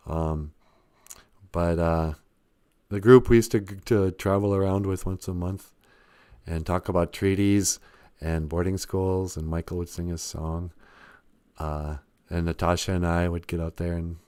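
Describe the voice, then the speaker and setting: A man's voice: sits low, a little mellow. A man hosting a casual live stream, rambling and jokey, laughing often and trailing into fillers.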